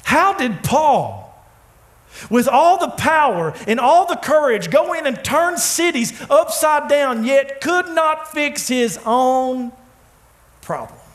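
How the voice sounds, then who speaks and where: High-voiced preaching man. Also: animated. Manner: preaching with dramatic pauses, swinging from loud to hushed. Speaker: pastor. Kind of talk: sermon. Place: church sanctuary.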